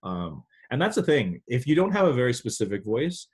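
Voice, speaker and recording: A man's voice: mid-range voice, husky. A man being interviewed over a video call, chatting casually and animatedly with frequent laughs. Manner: animated, laughs often, quick asides. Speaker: actor guest.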